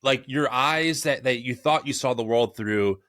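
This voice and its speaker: A man's voice: medium pitch, measured pace, a bit bright, no echo. A man hosting a podcast interview who asks questions reflectively, thinking aloud with restarts. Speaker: podcast host. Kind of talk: conversational interview.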